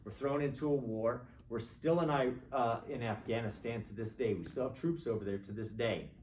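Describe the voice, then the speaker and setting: A middle-aged man delivers an informal, opinionated college government lecture, rambling and frequently checking in with his students. His mid-range voice is darkish and moderately paced, picked up with a little hiss or hum by a distant mic in an echoey classroom.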